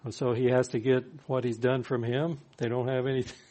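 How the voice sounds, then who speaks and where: A man's voice: mid-range voice, flat delivery, fairly quick, mellow. A man preaching a sermon, reading scripture aloud and explaining it with dry humor. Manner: reads verses then explains with dry humor. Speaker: pastor.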